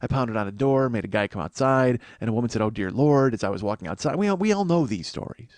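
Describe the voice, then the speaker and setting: A man's voice: medium pitch, animated, fast talker, darkish tone, no room sound. Male podcast host, comic storyteller, rambling and profane, dry close sound. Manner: rambling, profane, self-mocking. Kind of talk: comedic monologue.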